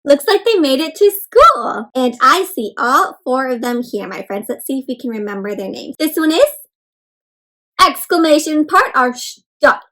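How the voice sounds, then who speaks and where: Animated woman reading a children's story. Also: high voice, moderate pace, rough recording. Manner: animated, gasping, addressing young listeners. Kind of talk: interactive children's read-aloud.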